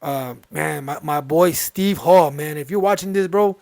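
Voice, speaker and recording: A man's voice: on the high side, unhurried, gravelly, no room sound. A man in his twenties, a podcast host, telling a story in casual chat and acting out the voices of people he quotes. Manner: animated, acts out quoted voices.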